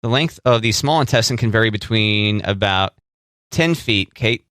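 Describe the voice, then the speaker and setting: A man's voice: on the low side, animated, normal speed, fairly bright tone, clean tone, no echo, clean studio sound. A man co-hosting a casual podcast, teasing and joking with his co-host. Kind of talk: casual chat.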